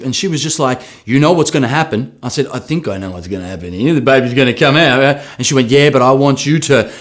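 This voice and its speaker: Animated Australian man rapping and storytelling. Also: fairly high pitch. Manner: animated storyteller who jumps into loud excited re-enactments. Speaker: rapper explaining his lyrics. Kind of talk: casual behind-the-scenes talk with rapped lines.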